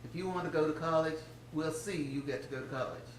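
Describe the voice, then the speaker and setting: A woman's voice: sits low, fast talker, slight background noise, lightly acted. An older woman quoting a firm, protective father who reassures his daughter. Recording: roomy, distant church sound.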